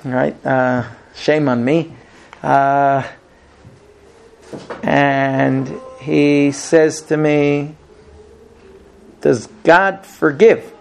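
A man's voice: medium pitch, level tone, extremely slow, vocal fry, long pauses, a little mellow, faint music behind. A middle-aged man giving a Torah class, telling stories emphatically with frequent restarts. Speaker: Torah teacher.

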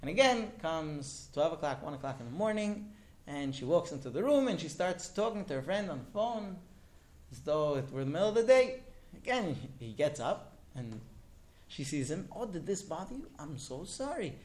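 A male teacher telling a story to his class in an animated way, often turning to ask the students directly. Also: fairly high pitch, normal speed.

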